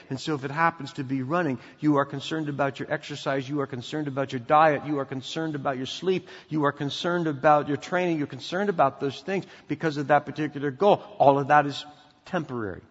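Middle-aged male preacher, emphatic sermon delivery, fairly high voice, muffled audio with a long church reverb. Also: husky. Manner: emphatic, preacherly, drops to quiet intensity. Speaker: pastor. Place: church sanctuary. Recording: dull sound in a reverberant hall.

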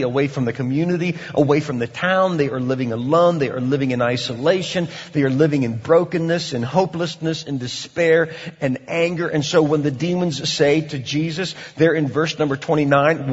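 A man preaching a sermon in a church, swinging between loud, dramatic lines and hushed, drawn-out ones. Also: fairly high pitch, breathy edge, in a large hall, dull audio. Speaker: pastor. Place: church hall.

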